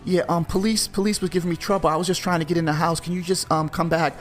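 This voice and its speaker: A man's voice: level tone, fast talker, faint music behind, lightly acted. A man doing a stammering nervous young burglar. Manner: stammering, high and pleading.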